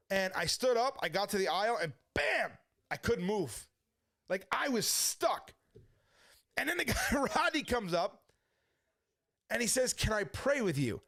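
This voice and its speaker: A man's voice: high-pitched, sing-song, a little fast, fairly bright tone. A middle-aged man telling his personal testimony as a story, acting out the voices of the people he quotes. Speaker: testimony speaker.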